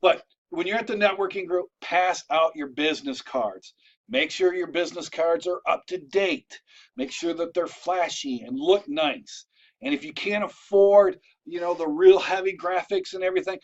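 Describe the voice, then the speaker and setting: On a muffled recording, a chatty man with a fairly high voice offers networking advice to camera as a vlogger. He rambles, restarts and wanders into asides, regularly checking in with "all right?"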